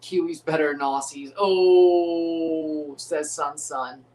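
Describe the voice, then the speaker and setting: A woman's voice: deep voice, fairly even intonation, slow pace, mellow, far from the mic, poor audio. A woman hosting a live watchalong stream, rambling and joking in casual commentary while reading out viewer chat. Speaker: livestream host.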